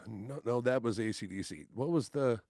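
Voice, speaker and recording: Lively storytelling man, dry close sound. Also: mid-range voice, normal speed, no room sound. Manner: animated storyteller, acts out quotes, swears casually. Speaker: guest musician. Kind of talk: casual chat.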